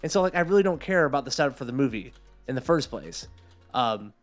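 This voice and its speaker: A man's voice: medium pitch, fast, faint music behind. A man co-hosting a podcast, ranting in casual chat, swearing and acting out quotes. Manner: animated, swearing, acts out quotes. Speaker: podcast co-host.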